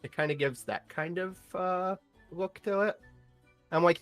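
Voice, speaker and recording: A woman's voice: fairly low pitch, unhurried, soft background music. A woman playing her character in a tabletop game, talking in a rambling, playful way full of fillers. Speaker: player. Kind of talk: in-character tabletop role-play.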